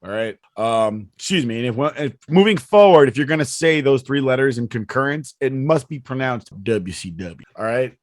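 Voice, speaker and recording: A man's voice: medium pitch, moderate pace, hardly any pauses, no echo, clean studio sound. A man hosting a casual podcast, rambling and swearing, laughing often as he talks. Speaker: podcast host.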